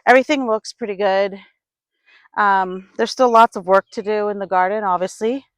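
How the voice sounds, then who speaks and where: Woman filming her garden on a phone, thinking out loud, lots of sighs and trailing off, dry close sound. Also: mid-range voice, steady tone, normal speed, smooth, no room sound. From upstate New York. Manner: sighing, hesitant, talks to herself while working. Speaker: gardening vlogger. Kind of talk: casual vlog narration. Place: outdoor garden.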